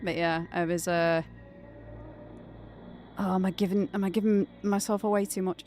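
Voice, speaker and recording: A young Northern English woman from Greater Manchester casually rambles with lots of fillers while live streaming a game. Her medium-pitched, slightly mellow voice keeps a fairly even intonation at a moderate pace, over a little hiss or hum.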